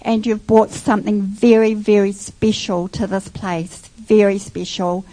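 A woman sharing a heartfelt, halting church testimony. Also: mid-range voice, little pitch movement, mellow, poor audio. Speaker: church leader.

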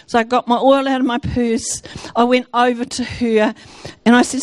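With a voice that's a little high and a normal speaking speed, a New Zealand woman gives her Christian testimony before an audience. The sound is dry and close without any echo, and she talks animatedly, halting and restarting her sentences along the way.

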